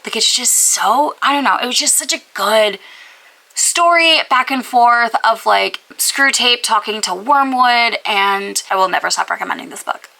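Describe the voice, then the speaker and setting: A woman's voice: medium pitch, gravelly, pushed and bright, low-quality recording. A woman chatting casually to camera as a book vlogger, gushing and filling her talk with "like", sometimes dropping to a whisper for emphasis. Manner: gushing, filler-heavy with frequent "like".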